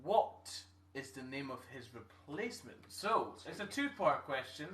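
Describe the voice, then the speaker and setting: A man's voice: mid-range voice, very animated, a little slow, fairly bright tone, distant mic. A Scottish man hosting a live stream quiz, reading questions with a joking manner and some stumbles. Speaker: quiz host. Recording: roomy echo.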